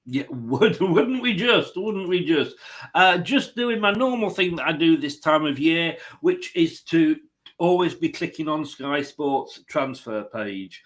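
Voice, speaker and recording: A man's voice: fairly high pitch, expressive, measured pace. A man hosting a live football watchalong, chatty and jokey, greeting viewers and reading out their comments. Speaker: fan channel host.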